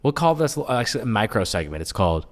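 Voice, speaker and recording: A man co-hosting a casual podcast, his fairly low voice rising and falling in wide, lively swings. He teases his friends and jokes around. The room gives his voice a long, ringing reverb. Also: a little fast. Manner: teasing, joking. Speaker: podcast co-host. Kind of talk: casual chat.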